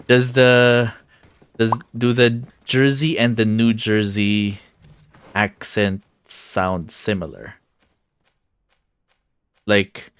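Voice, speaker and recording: Low, slow-talking male streamer. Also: clear, resonant tone, dry recording, studio quality. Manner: chatty, laughs often, trips over his words. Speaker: game streamer. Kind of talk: casual live-stream chat.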